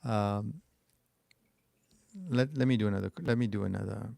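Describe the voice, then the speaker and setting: With a French accent, a middle-aged man runs a loose stock market livestream, restarting thoughts and talking back to chat. His voice is fairly low, creaky, and darkish, at a normal speed, with no echo.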